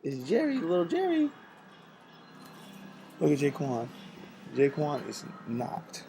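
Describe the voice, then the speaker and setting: A man filming himself waking his roommates in an apartment, loud and taunting, repeating himself and swinging between shouting and muttering. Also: medium pitch, very animated, measured pace, vocal fry, a little hiss or hum, poor audio. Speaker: roommate filming a wake-up prank. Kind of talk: loud profane teasing vlog. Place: apartment indoors. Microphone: handheld phone camera.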